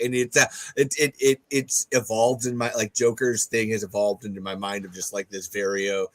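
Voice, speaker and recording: A man hosting a casual podcast chat, rambling and excitable, often breaking into laughter. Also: medium pitch, quick pace, hardly any pauses. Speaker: podcast host.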